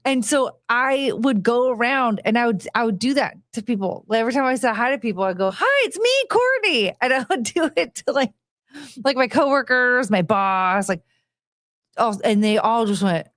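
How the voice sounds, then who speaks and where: A woman's voice: a little high, normal speed, no echo, clean studio sound. A woman in her forties hosting a podcast, rambling and chatty, laughing often and swearing casually. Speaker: podcast host. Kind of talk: casual chat.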